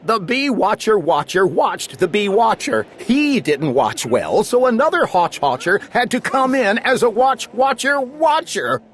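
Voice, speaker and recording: A man's voice: sits high, big pitch swings, a little slow, hardly any pauses, a little hiss or hum. A man reading a rhyming children's book aloud in a playful, sing-song storytelling manner. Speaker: storybook reader.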